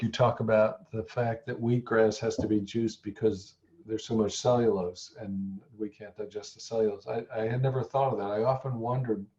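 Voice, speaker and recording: A man being interviewed as a nutrition scientist, talking in a thoughtful, halting way with a lozenge in his mouth. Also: lowish voice, warm tone, dull audio. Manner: thoughtful, stammers on restarts. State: talking around a throat lozenge. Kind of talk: conversational interview.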